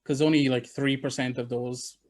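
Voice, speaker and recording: A middle-aged Irish man talks in a loose, chatty way, guest on a conversational podcast. His voice sits at an ordinary pitch for a man, and he tells his story frankly, poking fun at himself. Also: fairly even intonation, moderate pace, darkish tone. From Ireland. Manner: frank, self-deprecating, chatty. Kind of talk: casual interview chat.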